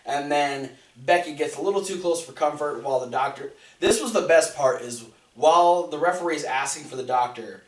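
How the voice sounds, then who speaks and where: A man's voice: fairly high pitch, moderate pace, few pauses, a little hiss or hum. A man co-hosting a casual podcast, walking through events in a loose, rambling way. He restarts his sentences often and leans on fillers. His voice sounds distant and roomy. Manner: rambling recap with frequent restarts. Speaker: podcast co-host. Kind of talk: casual wrestling recap chat.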